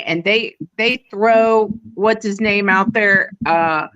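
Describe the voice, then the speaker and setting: A woman's voice: medium pitch, takes it slowly, fairly bright tone, lo-fi sound. A woman on a sports fan panel, telling stories with relish. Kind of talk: casual sports chat.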